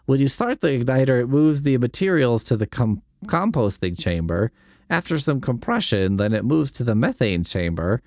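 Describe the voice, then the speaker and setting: A man hosting a solo comedy podcast, mocking a story he reads out loud with sarcastic disbelief and casual swearing. His voice swings widely in pitch as he riffs. The sound is dry and close, with no room behind it. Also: very animated, normal speed, no echo. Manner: sarcastic, incredulous, swears casually, breaks off reading to riff. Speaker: podcast host.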